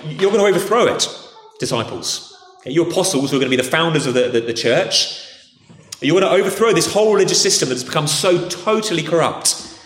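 A man with a posh English accent preaching a sermon in a conversational way, often restarting and saying "okay". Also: medium pitch. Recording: echoey hall.

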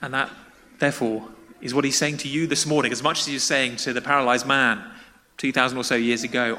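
A man's voice: medium pitch, fairly even intonation, a little fast, sharp tone, slight background noise. A man preaching a sermon in a church, talking in a conversational way and putting questions to the congregation. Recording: long reverb of a large hall.

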